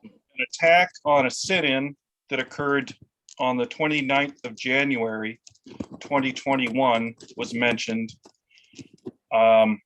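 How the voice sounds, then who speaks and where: A man's voice: medium pitch, a bit bright, low-quality recording. Hesitant man asking, faint noise behind. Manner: hesitant, many fillers. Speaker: audience member. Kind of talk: asking a question.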